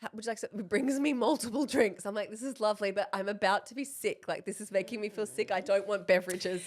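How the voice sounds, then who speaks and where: An Australian woman in her thirties, a podcast co-host telling a story in casual chat, animated and swearing freely, acting out the dialogue. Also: medium pitch, fast.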